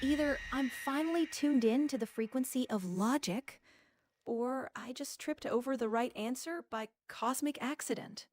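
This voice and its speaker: A woman's voice: high voice, normal speed, a little mellow, dry recording. A woman co-hosting a stream, reading chat messages and answering them with playful, wry quips. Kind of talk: scripted witty replies to chat.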